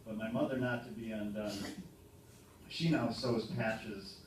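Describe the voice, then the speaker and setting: Low-voiced man joking in an echoey hall. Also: fairly even intonation, slight background noise. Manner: halting, dry humorous storytelling with many ums. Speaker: son giving a birthday tribute. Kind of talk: speech to a party audience. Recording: echoey hall from a distant mic. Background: room ambience and audience laughter.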